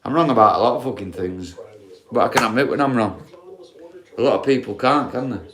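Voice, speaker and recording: A man with a broad Yorkshire accent talks to his live stream audience in a loose, rambling way. He swears freely and keeps turning to viewers with questions like "isn't it?" His voice sits at an ordinary male pitch. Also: a little fast, a bit bright. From Yorkshire, England. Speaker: livestreamer. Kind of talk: casual live-stream chat.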